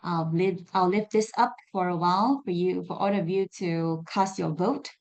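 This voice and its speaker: A woman's voice: on the low side, moderate pace, darkish tone, highs cut off. A woman on a video call running a segment of a speaking club meeting, leading a vote and introducing the next speaker with upbeat, ceremonious phrasing. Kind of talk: hosting a segment of an online meeting.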